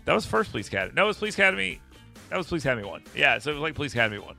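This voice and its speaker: A man's voice: on the high side, big pitch swings, rapid-fire, gravelly, pushed and bright, faint music behind. A man chatting casually as a co-host, rambling and correcting himself as he tells stories. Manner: rambling, self-correcting storyteller. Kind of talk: casual chat.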